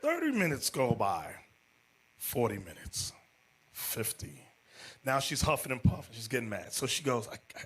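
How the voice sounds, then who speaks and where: Man, bishop teaching a class, bright husky voice, very lively pitch. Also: moderate pace. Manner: storytelling, swings to loud shouting. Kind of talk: animated class sermon.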